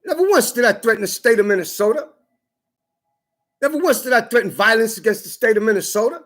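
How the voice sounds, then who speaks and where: A man's voice: extremely high pitch, fast, fairly bright tone. Man, vlogger, angry defiant rant; emphatic and repetitive delivery.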